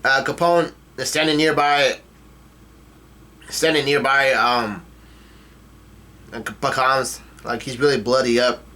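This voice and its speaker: A man reads a comic chapter aloud in a loose, casual way, his voice sitting at an ordinary middle pitch. He hurries through the text, stumbling and restarting, and breaks off to swear in disbelief at what he reads. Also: fairly even intonation, slow pace, pauses often, sharp tone. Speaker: manga reader and reactor. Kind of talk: casual read-through with reactions.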